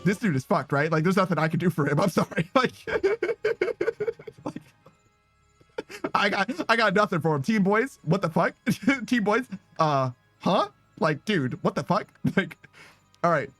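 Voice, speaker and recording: Young male streamer, casual and animated, quick to swear and laugh; high, very expressive voice, dry close-mic sound. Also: dry recording, faint music behind. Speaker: streamer reading chat. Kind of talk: casual live-stream chat.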